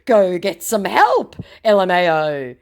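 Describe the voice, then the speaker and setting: A woman voicing a smug male online scammer in a slow, mocking sneer. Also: fairly low pitch, big pitch swings, voice pushed up, exaggerated voice.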